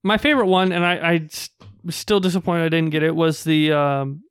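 A man co-hosting a podcast in casual chat, rambling and halting with many fillers. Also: fairly high pitch, smooth, dry recording, clean studio sound. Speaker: podcast co-host.

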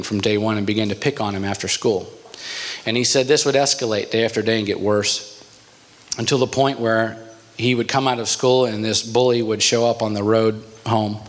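A man, a church pastor, telling a story in a sermon in an animated, storytelling way. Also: on the low side.

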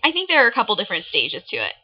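A woman's voice: medium pitch, huge pitch swings, racing, dull audio. A young woman co-hosting a podcast, teasing and hesitant in casual chat, full of fillers. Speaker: podcast co-host. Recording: poor sound quality.

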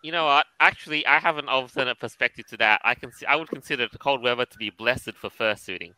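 A man co-hosting a podcast, setting up topics in measured casual chat. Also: medium pitch, pushed and bright, clean tone, poor audio. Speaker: podcast co-host.

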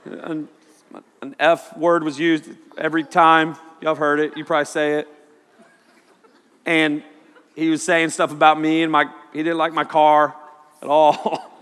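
A man preaching a sermon, telling a personal story in an animated way and sometimes shouting quoted lines. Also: on the high side, measured pace, pauses often, clear, resonant tone. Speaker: pastor. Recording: long hall reverb.

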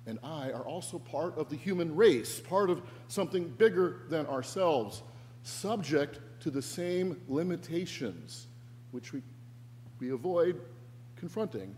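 A pastor preaches a sermon in a church sanctuary, earnest and reflective, shifting his emphasis as he goes. His voice is on the high side with a darkish tone, and the church is echoey with a faint hum.

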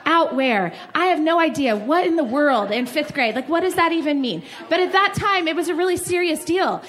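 A woman in her forties, a pastor, preaching to a women's gathering in an animated, laughing storytelling manner. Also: high voice, normal speed.

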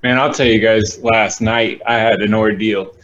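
A man telling a personal story in a casual, animated way, acting out the voices in it. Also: on the low side, normal speed, lo-fi sound. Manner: animated, acts out quotes.

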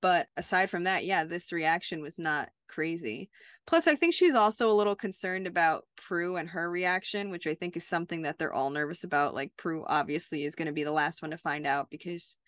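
A woman's voice: lowish voice, fairly quick, a bit bright, no room sound, studio quality. A woman co-hosting a podcast, recapping a TV episode in a chatty, casual way with lots of "like". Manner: chatty, peppers speech with "like". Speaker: podcast co-host.

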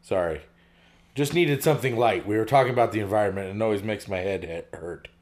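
Playful podcast co-host man, lowish voice. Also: fast, darkish tone. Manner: playful, punning, laughs along. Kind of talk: casual chat.

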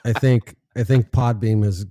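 A man co-hosting a casual radio talk show, answering in a dry, reluctant, deadpan way. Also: medium pitch, moderate pace, no echo. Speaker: co-host.

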